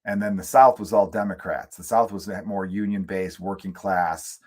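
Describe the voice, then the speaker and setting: A man's voice: sits low, steady tone, normal speed, a little mellow. A middle-aged man hosting his own comedy podcast from home, rambling through opinions in a casual rant and swearing freely. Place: room at home.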